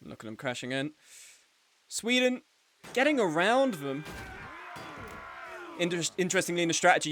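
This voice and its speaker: A man's voice: on the high side, fairly bright tone, slight background noise. A young man giving live, joking play-by-play commentary on a game tournament as the streaming host. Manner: chatty and joking, with frequent laughs.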